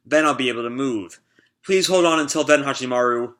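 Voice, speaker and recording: A man voicing a damaged robot companion, reading its status reports in an even, matter-of-fact way. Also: medium pitch, a little fast, lightly acted. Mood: calm.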